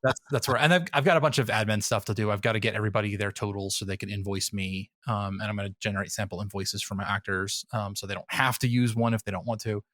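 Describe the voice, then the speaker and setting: Rambling chatty man, low voice. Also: fairly even intonation, fast talker, few pauses, fairly bright tone, no room sound, studio quality. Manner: rambling, laughs often, many fillers. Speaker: podcast host. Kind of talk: casual chat.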